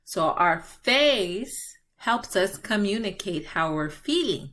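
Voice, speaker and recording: Slow, patient bilingual teacher woman. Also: fairly low pitch, animated, fairly bright tone. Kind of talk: bilingual classroom lesson.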